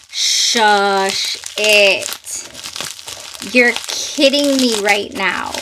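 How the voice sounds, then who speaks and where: A woman chatting casually to camera as she reviews and unboxes perfumes, gushing and excitable with lots of fillers. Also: mid-range voice, very slow, noisy background. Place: closet at home.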